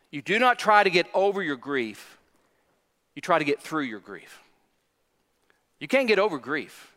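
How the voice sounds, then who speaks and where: A man's voice: high voice, pushed and bright. A man preaching a sermon as pastor, driving points home with repetition and acting out the questions people ask. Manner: preaches with emphatic repetition, acting out quoted voices. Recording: long reverb of a church hall.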